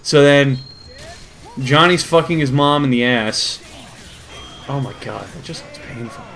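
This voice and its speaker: A man's voice: medium pitch, unhurried. A young man hosting a comedic video, reading a comic aloud with sarcastic commentary and frequent laughter. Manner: sarcastic, laughs often, lively. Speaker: host.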